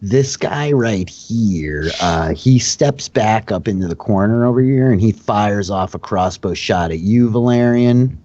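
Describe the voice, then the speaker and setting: A man's voice: fairly low pitch, a little slow, few pauses, dark tone, lo-fi sound. A man running a tabletop game as dungeon master, narrating in a loose, profane, laughing way.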